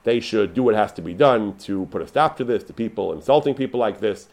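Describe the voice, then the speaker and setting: A man's voice: on the low side, expressive, brisk, darkish tone. A man giving an unscripted Torah lecture, paraphrasing Hebrew sources with frequent restarts and fillers.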